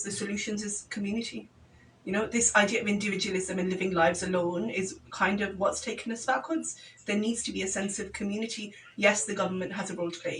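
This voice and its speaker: A woman's voice: medium pitch, far from the mic, slight background noise, rough recording. A woman, a community organiser guesting on a radio talk show, making her points passionately and fluently. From Birmingham, England. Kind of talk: casual radio discussion.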